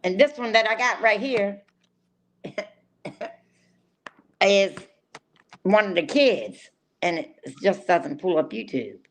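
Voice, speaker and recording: Older woman, podcast co-host, loose rambling delivery, gets amped up fast. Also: mid-range voice, slight background noise. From North Carolina. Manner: rambling, excitable, restarts often. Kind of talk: casual chat.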